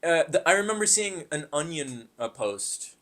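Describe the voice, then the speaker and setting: A man's voice: a little high, big pitch swings, normal speed, a bit bright. A young man co-hosting a podcast in casual chat, telling stories on tangents with lots of swearing. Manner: rambling, tangent-prone storytelling with profanity. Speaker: podcast co-host.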